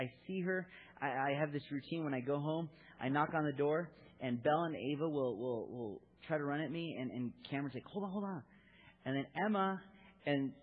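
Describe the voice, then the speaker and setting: A man in his thirties preaching a sermon, halting and repeating words, swinging between loud and hushed. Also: medium pitch, husky. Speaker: pastor. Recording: tinny phone-like sound.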